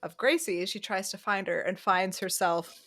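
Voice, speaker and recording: A woman co-hosting a podcast, casually recapping a film in a chatty way, laughing often and pausing on fillers. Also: mid-range voice, steady tone, a bit bright. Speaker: podcast co-host.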